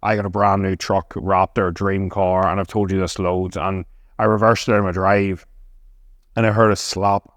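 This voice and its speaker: A man's voice: low voice, dry recording. A man, a podcast guest telling stories in casual chat, swearing freely. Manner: fast, animated storytelling with frequent swearing.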